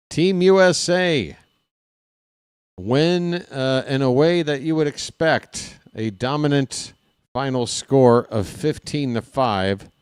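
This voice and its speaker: A man doing casual live play-by-play of a ballgame, chatting straight to his viewers between pitches with candid, self-deprecating asides. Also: darkish tone, clear, resonant tone, dry recording, clean studio sound. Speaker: play-by-play commentator.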